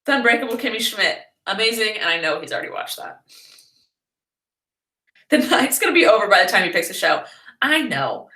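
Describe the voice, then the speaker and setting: A young woman vlogger chats in a bright, lively voice, joking as she answers viewer questions. Her pitch is on the high side. The room is echoey. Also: brisk, pauses often. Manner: chatty and playful, jokey asides.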